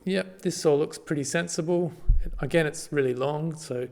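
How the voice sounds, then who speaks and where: A man casually walks through a screen-recorded tutorial, relaxed and halting, with lots of ums and restarts. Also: on the high side, creaky. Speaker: party volunteer giving a tutorial.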